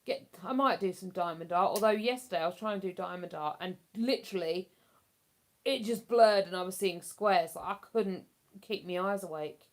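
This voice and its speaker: A woman with a lowish voice hosts a casual livestream from home, chatting at a moderate pace. She rambles along and laughs easily.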